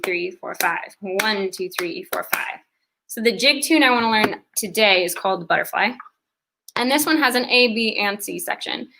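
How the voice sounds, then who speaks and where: A woman's voice: medium pitch, pushed and bright. A young woman giving an online fiddle lesson, explaining ornaments step by step and counting beats aloud. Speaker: fiddle teacher. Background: fiddle playing.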